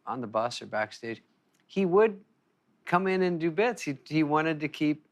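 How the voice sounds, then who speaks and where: A man chatting in a casual, lively way and reacting eagerly to what his guests say. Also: fairly high pitch, moderate pace. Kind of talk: casual chat.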